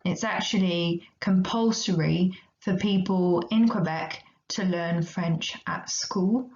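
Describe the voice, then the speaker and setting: A woman teaching a recorded language lesson, speaking slowly and carefully and repeating each phrase for her students. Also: on the low side, darkish tone. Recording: echoey, slightly dull recording.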